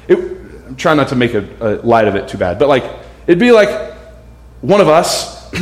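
A man's voice: a little high, roomy sound. A man preaching a sermon in a casual, conversational way, often checking in with his listeners. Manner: casual and conversational, asks the room questions.

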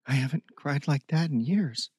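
A man voicing a calm, determined teenage girl who speaks softly. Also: on the high side, moderate pace, husky, no room sound, clean studio sound. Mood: quiet resolute. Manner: quiet, resolute.

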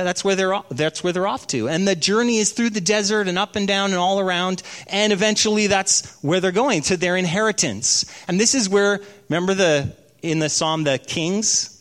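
A man preaching a sermon, telling stories and slowing down for emphasis. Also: sits high, a bit bright. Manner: storytelling, slows down for emphasis. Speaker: pastor.

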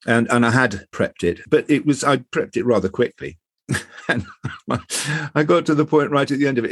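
Husky guy, dry close sound, chatty story, laughs a lot. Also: medium pitch, lively intonation, normal speed, dry recording. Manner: chatty, self-deprecating, laughing often. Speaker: actor guest. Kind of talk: casual anecdote.

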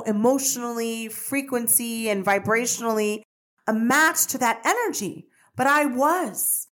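Podcast lady telling her own story, chatty and lively, goes off on little tangents. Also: on the high side. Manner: chatty, animated, digressive. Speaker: podcast host. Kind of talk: personal storytelling.

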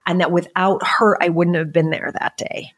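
This middle-aged woman, a business mentor appearing as a podcast guest, tells personal stories in a casual interview, getting emotional and laughing as she goes. Her voice is fairly low and a bit bright, with a flat delivery at a moderate pace.

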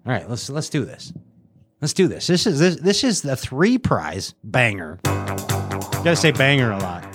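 A man's voice: mid-range voice, very animated, moderate pace, over music. A man hosting a casual show, joking around, riffing and scatting between giveaways. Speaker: show host. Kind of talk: casual livestream show banter.

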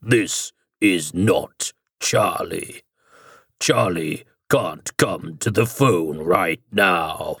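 A man doing a slow, growling alien entity. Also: a bit bright, husky, dry recording, clean studio sound, exaggerated voice. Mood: commanding. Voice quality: growling, much deeper register. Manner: slow, cold, commanding. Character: menacing alien entity speaking through a man's body.

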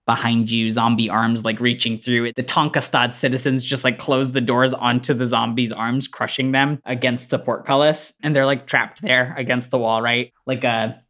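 Low-voiced woman game master. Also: steady tone, moderate pace, hardly any pauses, fairly bright tone. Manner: loose, rambling, swears and laughs. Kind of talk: narrating a tabletop game.

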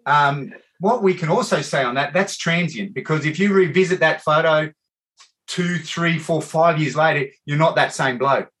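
An Australian man hosting a casual podcast chat. He tells animated, rambling stories and calls people "mate" often. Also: fairly high pitch, moderate pace. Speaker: podcast host.

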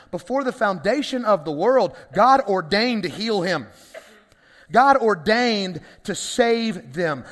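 A man's voice: high voice, fairly bright tone. A man preaching a sermon as pastor, talking conversationally to his congregation and asking rhetorical questions. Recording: long reverb of a large hall.

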